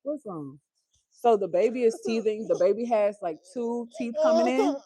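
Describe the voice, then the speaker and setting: Chatty young mom on a livestream. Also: female voice, a little high, moderate pace, dark tone. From Houston, Texas. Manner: chatty, breaks off to coax and scold her toddler. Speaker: livestream host. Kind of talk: casual livestream chat. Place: busy family home with children.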